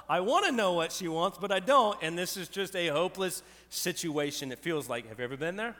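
A middle-aged man preaching a sermon, animated and storytelling, asking the crowd questions. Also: high-pitched, brisk. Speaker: pastor. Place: church hall with live audience. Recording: long hall reverb.

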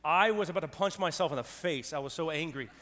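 A middle-aged man preaching a sermon, animated and storytelling, asking the crowd questions. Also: a little high, quick pace. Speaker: pastor. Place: church hall with live audience. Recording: long hall reverb.

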